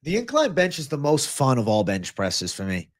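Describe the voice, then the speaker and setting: A man's voice: mid-range voice, wildly swooping pitch, moderate pace, dry recording, clean studio sound. A young man hosting a live MMA and fitness stream, chatting casually, swearing and thanking viewers. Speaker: livestream host.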